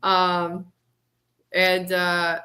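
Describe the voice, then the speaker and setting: Giggly woman running a livestream giveaway, chatty, bright tone, computer mic. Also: on the low side, monotone, very slow. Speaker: livestream moderator and co-host. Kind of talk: casual livestream chat.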